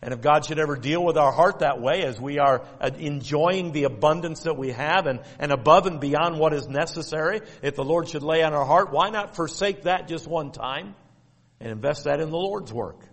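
A man delivering a sermon, teaching in a measured, emphatic way and repeating key phrases. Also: fairly high pitch, big-room sound. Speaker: preacher.

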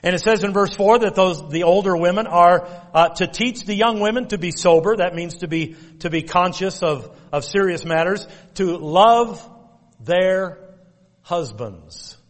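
In the long reverb of a church hall, a middle-aged man's high-pitched voice moves at normal speed with few pauses. He is a pastor preaching in the sanctuary, spinning folksy stories and emphatically repeating commands.

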